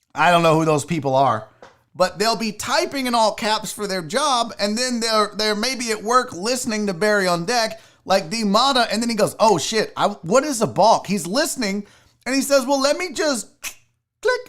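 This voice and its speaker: A man's voice: high-pitched, fairly bright tone. A man hosting a live sports show, ranting casually and profanely while reading viewers' chat.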